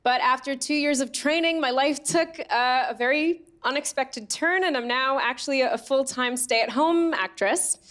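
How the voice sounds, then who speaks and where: An American comedian from Staten Island, New York, does a chatty, self-mocking stand-up set on a theatre stage in front of a laughing audience. Her voice is high and fairly bright, at normal speed with few pauses, over a little hiss or hum.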